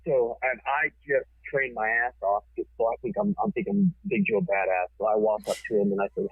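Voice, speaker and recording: A man, a TV producer and podcast guest, telling a story in a casual, forceful way and swearing freely. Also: lowish voice, steady tone, brisk, few pauses, husky, dry recording. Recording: tinny phone-like sound.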